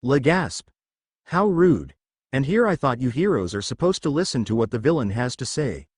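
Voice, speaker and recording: A man's voice: medium pitch, very animated, fast talker, darkish tone, husky, dry recording, clean studio sound. A man voicing an earnest young male student hamming it up as a gloating cartoon villain with theatrical gasps.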